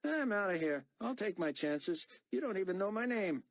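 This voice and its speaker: A man's voice: high voice, animated, normal speed, no room sound, clean studio sound, pitched above the performer's own voice. A man voicing a brash, insolent young male soldier with a mouthy, slangy way of talking. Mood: cocky.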